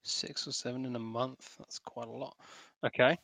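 Brief: man, tabletop player, cheeky and quick, dry close recording. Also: medium pitch, little pitch movement, vocal fry, a bit bright, dry recording. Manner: playful, quick, in character as a reporter. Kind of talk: playing a tabletop game.

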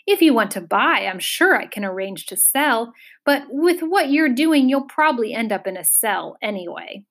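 A woman voicing a filthy, cackling male bird who interrupts and twists every word, in a shrill, shrieking audiobook character voice. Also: lively intonation, moderate pace, fairly bright tone. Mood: quibbling, gleeful. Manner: quibbling, punning, interrupting.

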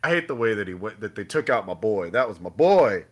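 A man co-hosting a podcast in casual chat, profane and animated, acting out scenes with laughter. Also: fairly low pitch, a little fast, husky. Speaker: podcast co-host.

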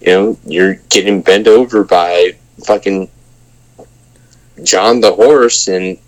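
A man's voice: low voice, fairly even intonation, takes it slowly, low-quality recording. A man co-hosting a casual podcast, talking in a laid-back, dry, profane way. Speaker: podcast co-host. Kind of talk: casual chat.

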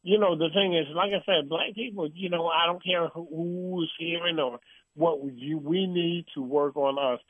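A man hosts an uncensored call-in talk show, ranting bluntly and heatedly. His voice sits fairly high. The sound is dry and thin, like a phone line. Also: moderate pace, no echo. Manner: blunt, heated ranting with mocking put-on quotes.

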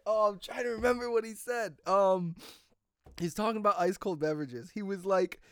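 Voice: medium pitch, expressive, moderate pace, no echo, studio quality. A young adult from the United States telling a rambling story in a casual monologue, laughing often and drifting off topic. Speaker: vlogger.

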